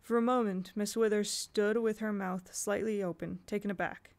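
A woman narrating a children's novel aloud at a steady, measured pace. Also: medium pitch. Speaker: audiobook reader. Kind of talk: storybook narration.

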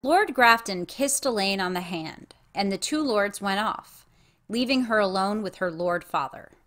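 A woman narrating a fantasy chapter in a slow, expressive way. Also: mid-range voice. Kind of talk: fan audiobook reading.

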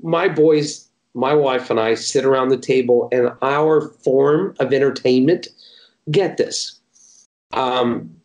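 A man's voice: medium pitch, takes it slowly, darkish tone. A middle-aged man from Tennessee, a missionary telling stories in a folksy, chatty interview manner and often restarting his phrases. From Chattanooga, Tennessee, USA. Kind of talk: casual interview storytelling. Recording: roomy echo.

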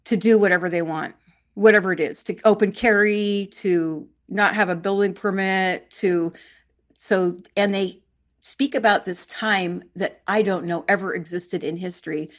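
A woman in her sixties from Shasta County in Northern California speaks at normal speed in a steady, mid-range voice. As a guest in a conversational interview, she talks emphatically and wryly, repeating phrases for stress.

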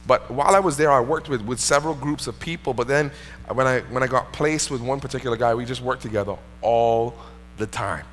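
A man's voice: medium pitch, a bit bright. A male pastor preaching a sermon in a church, telling a personal story in an earnest, conversational way. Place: church sanctuary. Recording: long reverb in a church hall.

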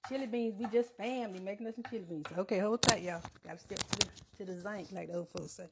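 A chatty woman with a medium-pitched voice speaks fast as she cooks in her home kitchen during a casual livestream, calling her viewers y'all in Southern US Black vernacular. The lapel mic recording is full of loud background noise and kitchen clatter.

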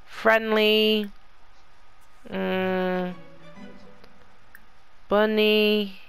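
A woman's voice: mid-range voice, flat delivery, drawn-out words, vocal fry, clean tone, faint music behind. A woman hosting a let's play, chatting casually to the characters in her game as she plays. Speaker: gaming channel host.

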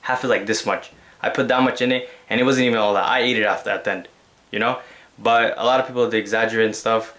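A young man hosting his own vlog, chatting in an animated, slangy way and acting out quotes. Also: fairly low pitch, fast. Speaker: vlogger host. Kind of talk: casual vlog chat.

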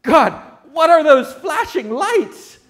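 A man putting on the voice of a naive young assistant, with high, drawn-out, panicky yelps. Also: wildly swooping pitch. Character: naive, jumpy young man, a nature-photography hopeful.

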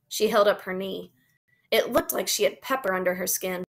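A woman teacher reading a children's chapter book aloud to her class in a gentle, expressive way. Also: mid-range voice, normal speed, vocal fry.

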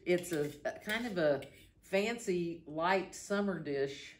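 Woman, low voice, relaxed church cooking-show co-host, eats and talks, light hum of noise. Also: slow. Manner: relaxed, savoring, hums with her mouth full. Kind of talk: casual chat while tasting food.

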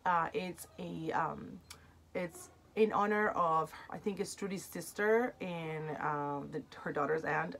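A woman's voice: fairly low pitch, normal speed, a bit bright, slight background noise, rough recording. Chatty woman with an accent. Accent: non-native English accent. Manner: chatty and effusive, easily moved. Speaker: unboxing channel host. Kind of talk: casual vlog chat.

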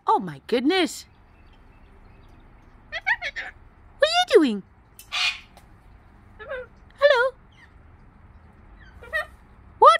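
A woman talking to her pet bird in high, sing-song baby talk, coaxing and scolding it at home. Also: huge pitch swings, drawn-out words, pauses often. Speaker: pet owner.

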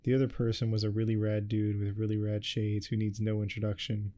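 A man doing a soft-spoken ASMR reading of a story, deadpan with irreverent asides. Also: on the low side, a little fast. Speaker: ASMR reader.

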